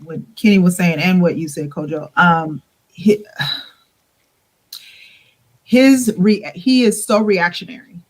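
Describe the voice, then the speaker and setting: Sex: woman. Role: podcast guest. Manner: expressive, acts out quotes. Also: fairly low pitch, slow pace, long pauses. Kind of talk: casual chat.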